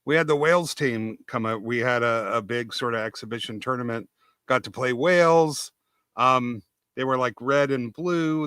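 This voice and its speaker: A man's voice: medium pitch, a bit bright, no echo, clean studio sound. An older American man in a casual podcast chat, wry and self-deprecating. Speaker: podcast co-host.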